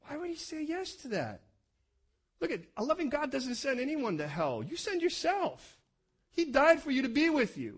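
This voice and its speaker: A pastor delivers a sermon with a fairly high male voice. He preaches with passion, rising to loud urgent appeals and sinking to a soft, hushed prayer. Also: wildly swooping pitch, moderate pace.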